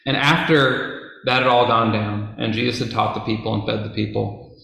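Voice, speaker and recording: A man's voice: on the low side, fairly even intonation, normal speed, vocal fry, sharp tone. A man casually retelling a Bible story, with conversational fillers and playful asides. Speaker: Bible teacher. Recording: very echoey room.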